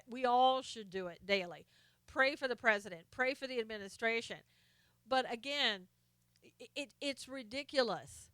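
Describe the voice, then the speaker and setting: Female stream host, fervent political commentary; bright, crisp voice, dry close sound. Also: a little high, no echo. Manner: impassioned, greets viewers by name.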